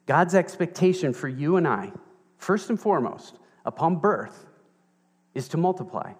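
A man preaching a sermon as pastor, playful and animated as he tells a story. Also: on the high side, moderate pace, husky. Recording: reverberant hall with music underneath.

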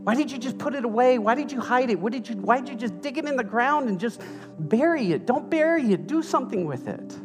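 A man's voice: very high-pitched, expressive, a little fast, big-room sound, music in the background, pitched above the performer's own voice. A male pastor voicing an indignant onlooker who fires off exasperated rhetorical questions. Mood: scolding.

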